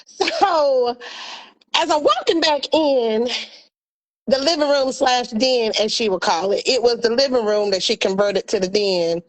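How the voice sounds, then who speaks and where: A woman co-hosting a talk show, telling a family story in a lively, casual way and acting out her relatives' voices. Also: fairly high pitch, a little slow, low-quality recording. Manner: animated, acts out family members' voices. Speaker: podcast co-host.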